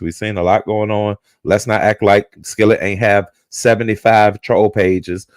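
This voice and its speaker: Animated, profane male livestream host. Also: medium pitch, dry recording. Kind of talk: casual livestream commentary.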